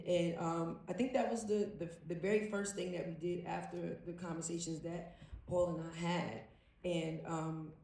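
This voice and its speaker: Animated woman in an echoey hall. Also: on the low side, slight background noise. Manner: animated, laughing, slangy storytelling. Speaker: panel guest actor. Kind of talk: casual panel storytelling. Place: large event hall. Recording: echoey hall, distant mic.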